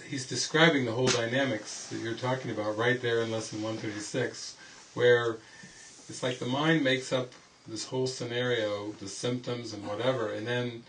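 A man's voice: mid-range voice, fairly bright tone. A man teaching at a retreat, rambling through anecdotes and often laughing as he talks. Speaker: spiritual teacher. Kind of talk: informal retreat teaching with stories. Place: indoor retreat gathering. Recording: distant mic with faint background noise.

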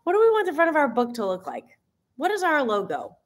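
A woman with a high, fast voice and huge pitch swings hosts a casual fitness live stream. Teary and emotional, she gushes to her viewers, exclaiming often and laughing between lines.

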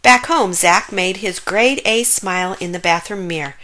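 A woman reading a children's story aloud with expressive, playful narration. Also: medium pitch, normal speed.

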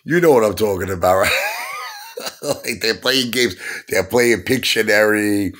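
A man's voice: fairly low pitch, a little slow, fairly bright tone. A middle-aged man, ranting in an exasperated vlog monologue full of rhetorical questions. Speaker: online stock vlogger.

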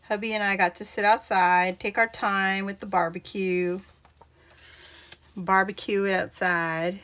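A woman's voice: mid-range voice, flat delivery, unhurried, a bit bright. A woman hosting a live craft stream, chatting casually, laughing often and greeting viewers by name. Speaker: crafting channel host.

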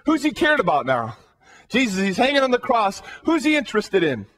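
High-voiced man preaching a sermon. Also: huge pitch swings, fairly quick, a bit bright. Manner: earnest, asks the listeners rhetorical questions; often repeats words while building up a thought.

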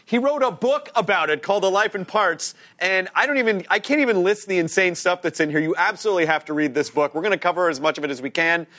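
A man in his forties hosting a TV talk show with an enthusiastic, energetic manner. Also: sits high. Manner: energetic, enthusiastic, quick asides. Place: TV studio with live audience.

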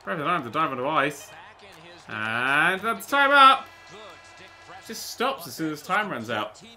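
Excitable man, lively high voice. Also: a little slow. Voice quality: excitable, sweary, jokey exclamations. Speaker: gaming YouTuber. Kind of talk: let's-play commentary. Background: faint game music.

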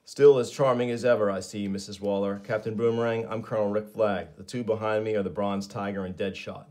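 A man's voice: fairly low pitch, fairly even intonation, a little fast, a little mellow, natural voice. Confident male officer, dry and formal, voiced by a man. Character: calm confident male soldier leader.

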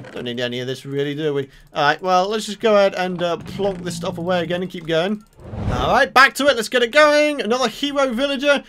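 A man giving excitable, chatty video game commentary, exclaiming as he plays and talking to his viewers. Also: high voice, a little hiss or hum. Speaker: let's play host.

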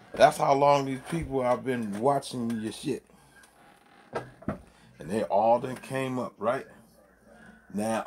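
A man's voice: mid-range voice, a little hiss or hum. A man vlogging from his home man cave, chatting loosely and profanely and laughing often as he rambles. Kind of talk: casual rambling commentary.

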